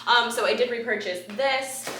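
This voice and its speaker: Woman, twenties, casual vlog chat, rambling, filler-heavy, bright tone, echoey apartment room. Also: fairly high pitch, normal speed, a little hiss or hum. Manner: chatty and rambling, with frequent ums and casual swearing. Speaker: beauty vlogger. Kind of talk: casual haul chat to camera.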